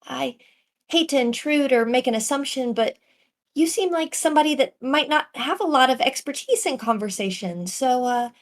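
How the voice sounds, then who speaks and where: A woman's voice: high voice, moderate pace, close to an everyday voice. A woman playing an earnest, socially awkward young female adventurer who talks politely and apologizes a lot. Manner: polite, eager, overly apologetic.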